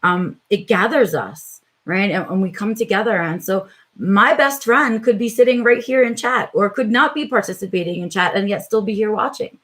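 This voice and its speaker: A middle-aged vlogger speaks to her live-stream audience at normal speed and medium pitch, her tone a bit bright. She hesitates and muses aloud, leaning heavily on "um" and "right?".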